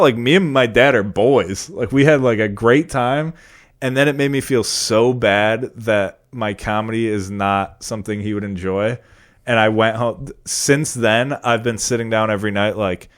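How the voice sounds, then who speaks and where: A man's voice: lowish voice, normal speed. Rambling young man telling stories. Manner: rambling, swearing, storytelling. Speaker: podcast co-host, comedian. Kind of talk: casual chat.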